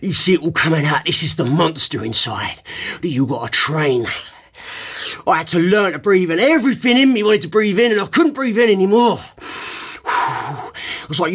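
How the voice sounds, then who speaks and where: A man talks to his viewers while holding a plank, his breath strained and sighing between phrases. His voice sits high for a man and swings widely in pitch, now and then bursting into emphatic shouts. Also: animated, normal speed, slightly rough. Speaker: fitness vlogger.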